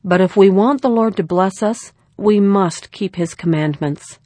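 A woman reading a soft-spoken, gentle mother. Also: mid-range voice, a little slow, no room sound, natural voice. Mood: earnest. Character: gentle, worried young mother.

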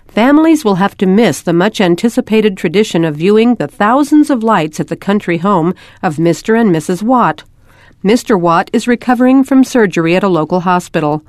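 A woman's voice: lowish voice, a little mellow, dry recording, studio quality. A woman reading a children's story aloud, lifting her voice for the children's lines. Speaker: reader.

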